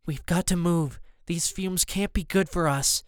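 A man voicing Amy, a determined teenage girl who urges her friend on in a low, hurried whisper. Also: dry recording, studio quality, close to an everyday voice. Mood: urgent. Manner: urgent whispering.

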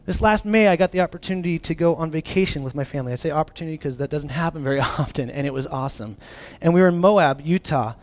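A man in his thirties preaching a sermon, telling stories with lively restarts. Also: a little high, fast talker, hardly any pauses. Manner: animated storytelling with many restarts. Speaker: pastor.

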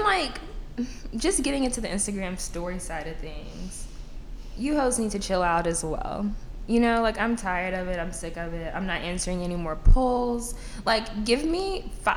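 Animated woman in casual chat. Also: medium pitch, moderate pace. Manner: animated, laughing, swearing freely. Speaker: podcast co-host. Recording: echoey room with faint background noise.

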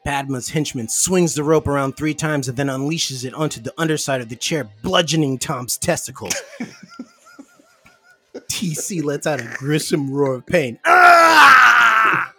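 A man co-hosting a comedy podcast, reading a script aloud in a casual, deadpan way. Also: mid-range voice, unhurried, husky, faint music behind. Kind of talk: casual comedic read-through.

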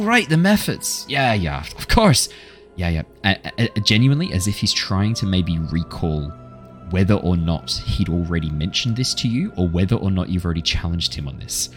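A man narrating as dungeon master in a measured, descriptive way. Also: sits low. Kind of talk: narrating a tabletop game.

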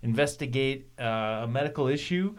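A man co-hosting a medical podcast in a casual, halting way, with many filler words. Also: mid-range voice. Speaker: podcast co-host, emergency physician.

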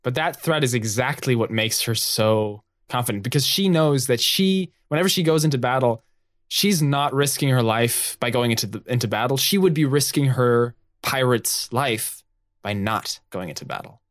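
A man's voice: medium pitch, normal speed. A man playing a tabletop game, narrating his character playfully and improvising. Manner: playful, improvising, laughs often. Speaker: player. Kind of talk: tabletop role-play narration.

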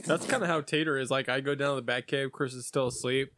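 A man's voice: mid-range voice, fairly even intonation, fast, heavy background noise. A young adult man telling rambling stories in casual chat, swearing freely and putting on voices for his pets.

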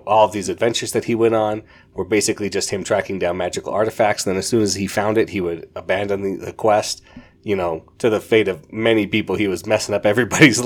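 A man hosting a podcast, reviewing a fantasy novel in a casual, enthusiastic, rambling way and often correcting himself. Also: low-pitched. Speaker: podcast host.

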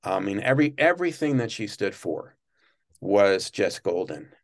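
A man being interviewed, telling long, rambling stories about his work at a TV studio and breaking into quick impressions of people. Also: fairly low pitch, creaky. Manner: rambling, many restarts, animated when mimicking others. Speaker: guest recalling work at a TV studio. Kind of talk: casual interview storytelling.

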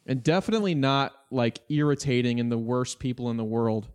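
A man's voice: mid-range voice, brisk, darkish tone, smooth. A man co-hosting a casual comedy chat, mock-serious and swearing freely. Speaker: podcast co-host.

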